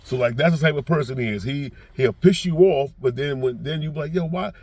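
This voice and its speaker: A man's voice: medium pitch, fairly quick, dry recording. A man with a New York accent giving a casual commentary monologue as a reaction vlogger, rambling with repeated restarts and growing heated when he acts out quotes. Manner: gets loud and heated when acting out quotes.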